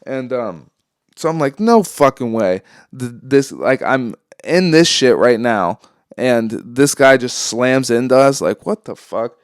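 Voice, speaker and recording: A man's voice: medium pitch, animated, a little slow, no room sound, clean studio sound. A young man hosting a podcast, telling a long story in a rambling, casual way, full of swearing and ums. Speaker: podcast host.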